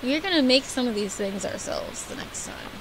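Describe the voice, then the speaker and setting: A young adult woman streaming a video game, chatting casually and rambling, playfully yelling at enemies. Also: a little high, wildly swooping pitch, normal speed, gravelly, background noise. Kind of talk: casual gameplay commentary. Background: game music.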